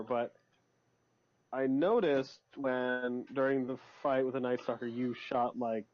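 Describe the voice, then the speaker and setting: A man's voice: medium pitch, a little mellow. A man playing a tabletop role-playing game, talking casually in a rambling, hesitant, jokey way. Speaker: player. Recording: lo-fi dull recording.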